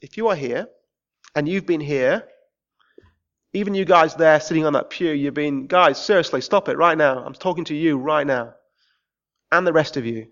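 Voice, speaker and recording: An English man preaching a sermon in a church, swinging between shouted rants and quiet pleading. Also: a little high, normal speed, long pauses, lo-fi sound. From England. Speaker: visiting preacher.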